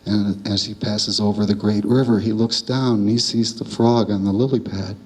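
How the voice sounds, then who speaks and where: A man tells a traditional tale aloud in a calm, measured way, with a steady, repeating cadence. His voice sits low. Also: rough recording. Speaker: storyteller. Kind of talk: oral storytelling of a traditional tale.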